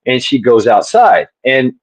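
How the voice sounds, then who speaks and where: A man's voice: mid-range voice, big pitch swings, a little slow, no echo, poor audio. A man from the southern US telling a rambling, laughing story in a casual online chat. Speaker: panel host.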